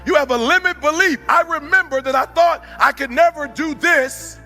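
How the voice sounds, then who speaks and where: Male motivational speaker with a very high voice, fervent and shouting, plainspoken, faint music behind. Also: moderate pace. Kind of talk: impassioned motivational speech.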